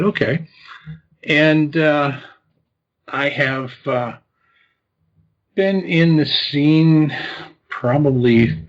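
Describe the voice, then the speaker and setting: A man in his fifties, a medical advisor guest, talking in a relaxed, rambling way. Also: mid-range voice, vocal fry, slightly rough. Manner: relaxed, rambling, with many fillers. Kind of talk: casual interview chat. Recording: dull lo-fi call audio.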